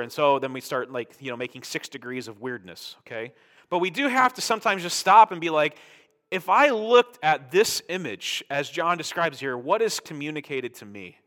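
A man's voice: a little high, a bit bright, long reverb tail. A man preaching a Bible teaching sermon in a conversational way, often checking in with "right?". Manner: conversational, tag questions like "right?".

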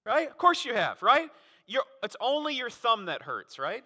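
A man preaching a sermon as pastor, animated and full of rhetorical questions. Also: very high-pitched, a little fast. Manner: animated, frequent rhetorical "right?" asides. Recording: long reverb of a large hall.

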